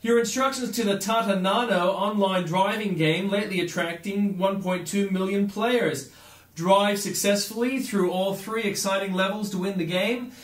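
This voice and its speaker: A man's voice: high-pitched, fairly even intonation, moderate pace, reverberant. A man from Australia reading a run of news headlines, adding dry, sardonic asides between items.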